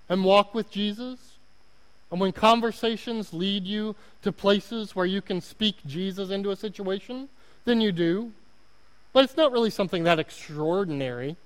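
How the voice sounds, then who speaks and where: High-voiced Oklahoma preacher in a reverberant church. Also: male voice, smooth. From Oklahoma, United States. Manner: earnest, self-deprecating, repeats words when emphasizing. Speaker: guest preacher. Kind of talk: sermon. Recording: long hall reverb.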